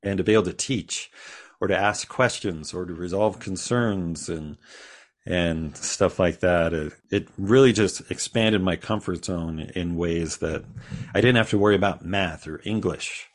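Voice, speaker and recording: A man's voice: deep voice, a little slow. A man guest on a podcast, telling his own story in a rambling, casual way with frequent restarts and small laughs.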